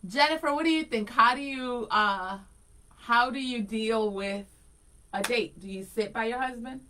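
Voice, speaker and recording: A woman's voice: on the high side, moderate pace, pushed and bright, rough recording. A woman in her forties co-hosting a casual morning show, laughing often and reading listener comments aloud. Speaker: co-host.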